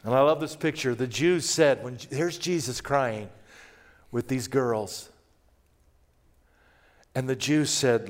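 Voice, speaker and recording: A male pastor preaching a sermon in an emphatic, conversational manner that swells into loud declarations. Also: medium pitch, takes it slowly, long pauses.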